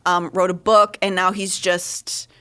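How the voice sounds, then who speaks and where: A woman co-hosting a podcast livestream in casual chat, animated, her pitch jumping up on punchlines. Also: unhurried, clean tone. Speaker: podcast co-host.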